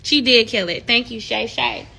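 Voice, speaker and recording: High, bright preachy woman. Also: moderate pace, gravelly, husky. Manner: animated, preachy, swells into excited shouts. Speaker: live streamer encouraging viewers. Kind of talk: casual live-stream talk with preaching.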